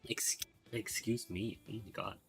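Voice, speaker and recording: A man with a gravelly, fry-laden voice chats through a game stream on almost no sleep. He rambles like a joking lecturer and breaks into laughs, with faint game music under him. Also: on the low side, fairly even intonation, unhurried, fairly bright tone. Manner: rambling, mock-professorial, laughs often. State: sleep-deprived. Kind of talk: casual live-stream game commentary.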